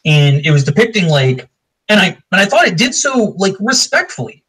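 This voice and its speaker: Male co-host, bright tone, loose and rambling, quick to laugh. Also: high-pitched, breathy edge, poor audio. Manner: rambling, animated, laughs often. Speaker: podcast co-host. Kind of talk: casual chat.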